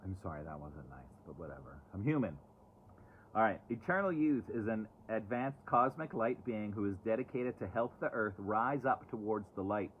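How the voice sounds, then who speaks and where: A chatty man with a lowish voice reads oracle cards on a live stream, dropping sarcastic asides as he goes. He talks outdoors into a phone, and the sound is thin and tinny, like a phone line. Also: moderate pace, slight background noise. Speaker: oracle card reader. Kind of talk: casual live-stream card reading. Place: outdoors, away from home.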